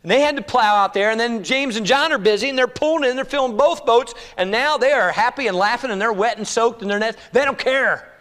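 A man preaching a sermon in an animated, exclamatory way, swinging between loud declarations and hushed passages. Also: very high voice, a little fast, few pauses. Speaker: pastor. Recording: echoey hall reverb.

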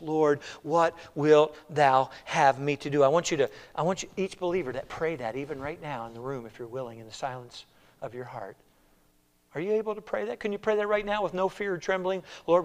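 A man preaching a sermon in a church, swinging between hushed, slow appeals and loud, pleading cries. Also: on the high side. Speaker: pastor.

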